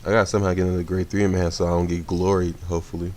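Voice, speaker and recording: A young man giving casual commentary on a card game he is playing, sleepy and relaxed, often rambling and correcting himself. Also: sits low, rapid-fire. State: sleepy, yawning.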